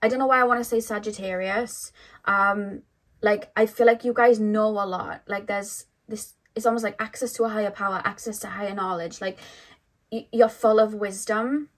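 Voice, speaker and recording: A woman's voice: mid-range voice, steady tone, moderate pace. A woman giving a pick-a-card tarot reading to camera. She muses sympathetically and rambles, with lots of "like" and "um". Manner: rambling, full of "like" and "um" and restarts; intuitive, sympathetic musing. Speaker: tarot reader.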